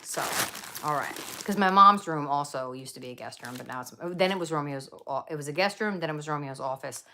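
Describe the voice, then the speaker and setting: A woman's voice: low voice, a little fast, bright, forceful tone, a little hiss or hum. A middle-aged woman in her home craft room, rambling casually through a craft haul vlog with lots of fillers and side stories. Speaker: craft vlogger.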